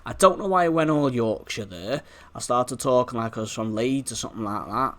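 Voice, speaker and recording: A man with a Liverpool accent talking through a game in a loose, rambling way, his voice rising and falling a lot. He sits at a middle pitch and keeps the chat friendly and casual as he plays. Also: animated, brisk, fairly bright tone. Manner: chatty, rambling, talks to in-game animals. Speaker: gameplay video host. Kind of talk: casual gameplay commentary.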